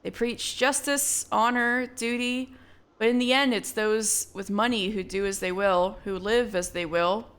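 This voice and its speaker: A woman's voice: fairly high pitch, steady tone, measured pace, a bit bright, smooth. A woman voicing a male guard in a video game who stammers desperately while pleading and confessing, reading the lines aloud on a live stream. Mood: remorseful.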